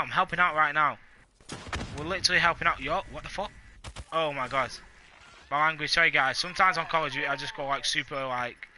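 A man's voice: a little high, sharp tone, a little hiss or hum. A man streaming a video game live, hyped and boastful, trash-talking and joking with his chat. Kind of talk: live gaming stream banter.

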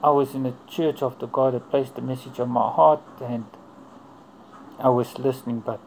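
A man telling a personal faith testimony in an earnest, unhurried way, in short broken phrases. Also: mid-range voice, steady tone, creaky, darkish tone, a little hiss or hum, poor audio. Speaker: churchgoer giving testimony.

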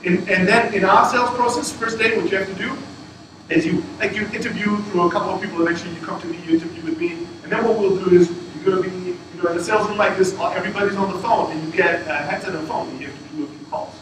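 A man with a high voice gives a blunt, sweary talk to an event crowd. He is heard from far off in a very echoey room. Loud noise runs under his voice the whole time. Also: steady tone, fast. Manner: blunt, profane, emphatic storytelling. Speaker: startup founder speaking at a fireside chat. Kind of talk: casual talk to an audience.

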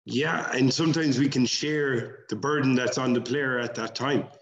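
A man on a webinar panel talks in a calm, measured way. His voice comes through a roomy space, and the video call audio sounds dull and muffled. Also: medium pitch. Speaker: coach panelist. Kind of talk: calm discussion.

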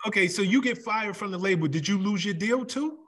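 A man's voice: high voice, expressive, fairly quick, fairly bright tone. A man hosting an interview, asking short prompting questions and closing the show. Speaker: podcast host. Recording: roomy with music behind.

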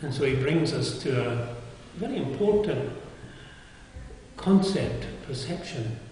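A man's voice: medium pitch, lively intonation, takes it slowly, mellow, a little hiss or hum. An older man preaching a sermon in a chapel, earnest and conversational, often asking his listeners questions. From England. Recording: echoey chapel heard from far off.

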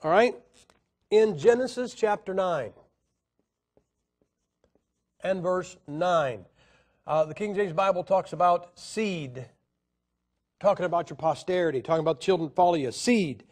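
Male preacher, high voice, combative teaching tone with lots of "uh" pauses. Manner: argumentative, rhetorical questions, hesitant fillers. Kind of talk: Bible teaching lecture.

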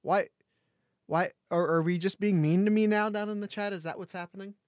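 A man's voice: sits high, fairly even intonation, brisk, no room sound. A man co-hosting a casual sports podcast over a call, joking and rambling with many restarts. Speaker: podcast co-host. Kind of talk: casual chat.

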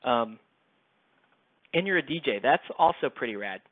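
American guy streaming while he paints miniatures, rambling and joking with chat, with a lot of pitch movement, on a thin phone-like mic. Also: expressive, normal speed, no echo. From United States. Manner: rambling, joking, talks straight to viewers. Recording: tinny, lo-fi, close dry mic.

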